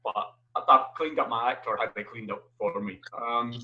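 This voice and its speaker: A man, a full-time writer, chatting on an online panel in a hesitant, halting, wry way. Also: mid-range voice, dull audio. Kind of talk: casual online panel chat. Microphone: video call.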